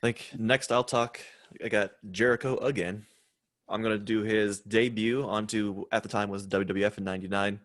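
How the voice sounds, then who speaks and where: A man with a lower voice, co-hosting a relaxed chat. He talks in a laid-back way and laughs easily between his points. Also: moderate pace, no room sound. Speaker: podcast co-host. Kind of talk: casual chat.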